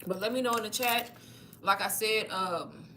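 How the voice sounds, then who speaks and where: A young Texan woman hosts a casual livestream, chatty and a little out of breath, addressing her viewers as y'all. Her medium-pitched voice has a sharp tone and normal speed, with slight background noise.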